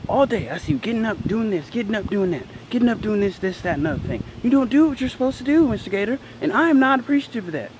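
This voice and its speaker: A woman's voice: deep voice, sing-song, fairly quick, pauses often, darkish tone, a little hiss or hum, rough recording. A teenage boy mimicking a stern female schoolteacher who scolds in an exasperated, nagging way. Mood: scolding.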